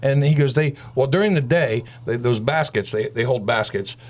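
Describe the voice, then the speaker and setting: A man in his fifties leads a casual panel discussion. His voice sits at a middling pitch. He talks loosely and acts out anecdotes with quoted back-and-forth. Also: moderate pace. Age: 50s. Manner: rambling, retells stories with quoted dialogue. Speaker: host.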